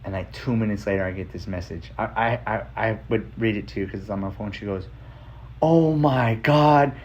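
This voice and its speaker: A man's voice: on the low side, level tone, quick pace. Casual storytelling man, lo-fi sound. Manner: loose and profane, with frequent "like" fillers. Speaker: podcast host.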